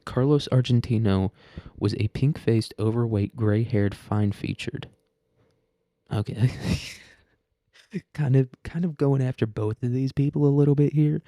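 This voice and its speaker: A man's voice: mid-range voice, warm tone, no room sound, clean studio sound. A young man podcast host reading a story aloud and breaking off for irreverent, profane commentary. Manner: irreverent, profane, laughs often.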